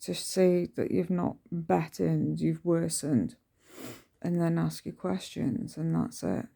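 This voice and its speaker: A woman's voice: low voice, takes it slowly, vocal fry, warm tone, husky. A middle-aged woman vlogging at home in a rambling, chatty way, full of ums and restarts. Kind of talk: casual early-morning vlog chat. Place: at home indoors.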